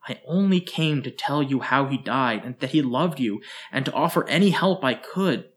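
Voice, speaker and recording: A man voicing a formal, gentle tentacled alien. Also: medium pitch, natural voice. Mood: earnest. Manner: measured, polite and formal.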